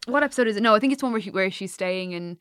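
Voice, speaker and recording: Sweary, animated woman in dry studio. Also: mid-range voice, very fast, smooth, no room sound. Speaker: podcast co-host. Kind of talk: casual chat.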